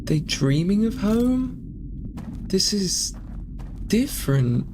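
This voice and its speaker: A man's voice: sits high, sing-song, takes it slowly, noisy background. A man playing through a game, thinking aloud and asking question after question in an earnest, emotional way. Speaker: gaming streamer. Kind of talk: let's play commentary.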